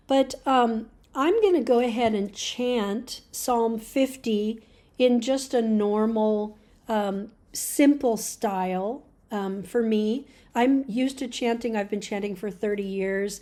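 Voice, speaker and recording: A middle-aged woman giving a relaxed spoken lesson on church chanting, explaining with fillers and restarts. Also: mid-range voice. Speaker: chant teacher.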